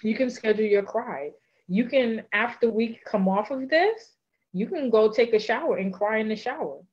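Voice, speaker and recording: A woman's voice: fairly high pitch, normal speed, a little mellow. A woman life coach giving encouraging advice in a live interview, repeating phrases for emphasis. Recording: dull lo-fi sound.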